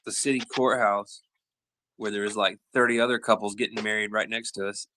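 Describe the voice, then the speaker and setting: A man's voice: fairly low pitch, little pitch movement, fairly quick, bright, forceful tone, a little hiss or hum. A man in casual chat, laid-back, chuckling and answering briefly.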